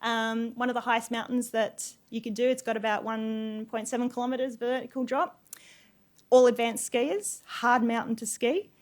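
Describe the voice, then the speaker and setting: A woman's voice: fairly high pitch, fairly even intonation, normal speed. A young adult woman giving an informal talk to an audience, telling stories with laughs and fillers between slides. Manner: chatty storytelling with laughs and fillers. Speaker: guest speaker.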